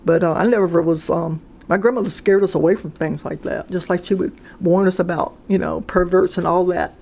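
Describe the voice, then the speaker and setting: Creaky-voiced woman telling rambling stories. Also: lowish voice, fairly even intonation, brisk, darkish tone. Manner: rambling, hesitant, many restarts and fillers. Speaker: storyteller sharing paranormal experiences. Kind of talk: casual spoken storytelling.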